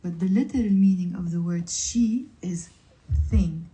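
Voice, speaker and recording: Woman slowly drilling Lebanese Arabic words. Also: lowish voice, mellow, rough recording. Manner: slow, careful word-by-word pronunciation drills. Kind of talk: vocabulary lesson on a livestream.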